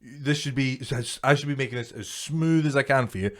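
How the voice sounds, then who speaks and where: Bloke hosting a podcast, swears a lot, jokes around, rambly casual chat. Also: male voice, medium pitch, brisk. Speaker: podcast host.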